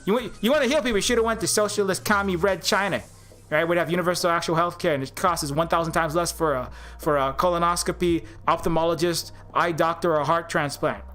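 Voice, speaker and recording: A man's voice: on the high side, quick pace, a bit bright, soft background music, natural voice. A man voicing a menacing male mob boss in a put-on New York accent, threatening and pushy. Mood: bullying. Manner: threatening, repeats "okay?" and "forget about it".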